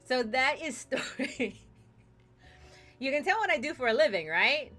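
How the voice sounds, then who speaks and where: A woman narrates a silly fairy tale while playing a story game, playful and chatty. Her voice sits fairly high and sounds bright, with quiet game music under it. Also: expressive, unhurried. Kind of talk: casual gaming stream chat with acted story voices.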